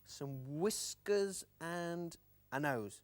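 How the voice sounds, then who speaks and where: A man's voice: a little high, sing-song, normal speed. A man presenting a children's TV show, playful and patient.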